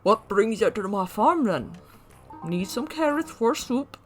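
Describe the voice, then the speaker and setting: A woman's voice: fairly high pitch, expressive, a little slow, soft background music. A woman voicing a homespun male farmer in a video game, proud of his vegetables and drawling his words. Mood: folksy, proud.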